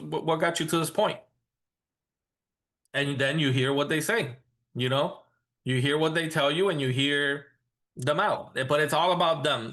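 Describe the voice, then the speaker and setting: A man's voice: on the high side, a bit bright. Casual man coaching real estate agents. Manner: casual, repetitive restarts, acts out client talk. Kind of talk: training session for agents.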